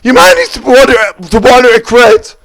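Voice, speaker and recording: A man in an agitated spoken monologue, shouting and wailing as he piles up repeated words and lists. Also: very high voice, sing-song, moderate pace, gravelly, poor audio.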